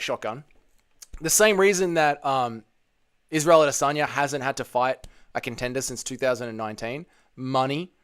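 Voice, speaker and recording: A man's voice: medium pitch, a bit bright, clean tone. A man hosting a casual livestream, reading chat messages aloud and answering with crude, profane banter. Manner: crude, profane banter, calls people mate.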